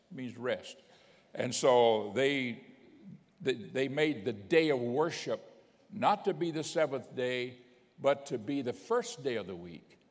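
Bishop preaching, mid-pitched guy, chatty sermon with scripture reading, big hall reverb. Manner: conversational preaching, reads scripture aloud, chuckles now and then.

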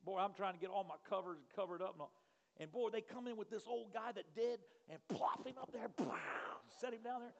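A man pastor telling a story in a sermon, acting out what people said and shouting at the peaks. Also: high-pitched, a little fast, creaky, long reverb tail, a little hiss or hum. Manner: animated, acts out quotes, shouts at peaks.

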